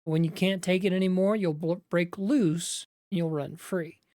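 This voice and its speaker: A woman reading an old blind patriarch, solemn, grave slow cadence, low voice, dry close sound. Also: fairly even intonation, mellow, dry recording, lightly acted. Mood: somber.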